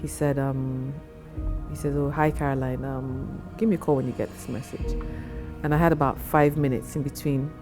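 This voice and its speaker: Low-voiced woman remembering, music behind. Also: steady tone, moderate pace. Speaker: friend interviewed. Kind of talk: recollection interview.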